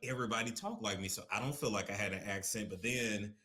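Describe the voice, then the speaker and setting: A man's voice: lowish voice, fast, pushed and bright. A man hosting an interview in a casual way, reacting with short exclamations and sharing his own stories. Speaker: host.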